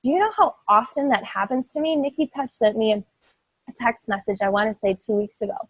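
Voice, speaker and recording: Young woman coach, slightly high husky voice, dry close sound, earnest pep talk that rambles. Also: fairly quick, no echo, rough recording. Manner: earnest, emphatic, rambling with many "like"s. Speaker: fitness team coach. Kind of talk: motivational talk to her team.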